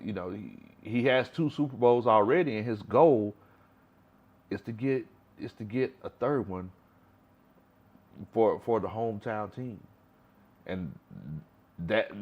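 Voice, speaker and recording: Man, about forty, relaxed sports livestream host, repeats himself. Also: lowish voice, highs cut off. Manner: relaxed, repeats words often as he talks. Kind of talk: casual fan livestream chat.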